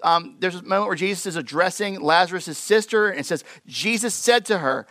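A man preaching a sermon to his church in a conversational, animated way with lots of fillers. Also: high voice, brisk, few pauses, no echo. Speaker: pastor.

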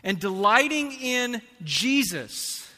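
Male pastor, high bright voice, slow deliberate sermon delivery; reverberant sanctuary. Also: big pitch swings. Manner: slow, emphatic preaching with big swings in loudness. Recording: long reverb of a large hall.

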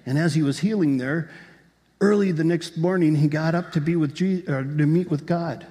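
A man's voice: fairly high pitch, moderate pace, dark tone. A man preaching a sermon as a pastor, telling the story vividly and asking the congregation rhetorical questions. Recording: long reverb of a large hall.

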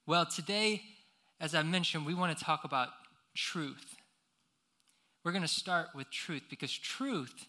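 A man's voice: a little high, a little slow, pauses often, bright, forceful tone. A young man preaching a sermon, telling a personal story with lots of fillers and restarts before turning to scripture.

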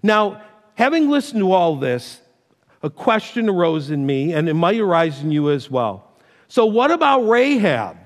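A man's voice: high voice, sing-song, takes it slowly, long pauses. A middle-aged man preaching a sermon in a church, conversational and emphatic, weaving in personal stories. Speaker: pastor. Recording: long hall reverb.

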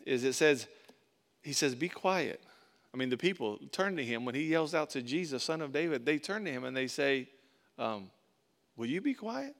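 A male pastor, preaching a conversational sermon that swells into emphatic bursts and drops to soft asides. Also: mid-range voice, vocal fry.

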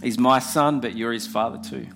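A young man preaching a heartfelt sermon with repeated phrases, soft music behind. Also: mid-range voice, steady tone, normal speed, gravelly.

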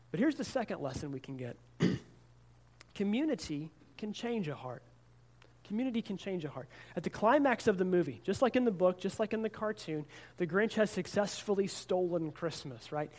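Pastor, male, high voice, earnest sermon storyteller who stumbles and repeats words. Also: a little mellow.

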